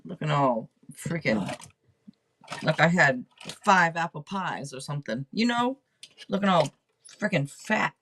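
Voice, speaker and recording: A middle-aged woman hosting a casual livestream tarot reading, rambling and chatting out loud to herself between readings. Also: low voice, animated, a little slow, pauses often, slight background noise. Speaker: tarot reader and livestream host.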